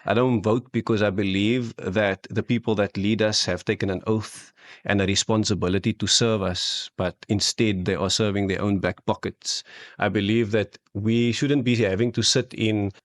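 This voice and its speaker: A young man, a podcast guest talking in an outspoken, animated way in casual chat. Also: on the low side, normal speed, hardly any pauses, no echo, clean studio sound. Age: young adult.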